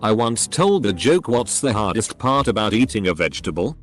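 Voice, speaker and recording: A low male voice reads posts aloud in a computer-made way, speaking the quote marks and commas as words. His pitch still moves a lot, and a faint bed of music runs underneath. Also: moderate pace. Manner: reads punctuation aloud, flat delivery of quotes. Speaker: narrator reading online posts. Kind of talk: text-to-speech reading.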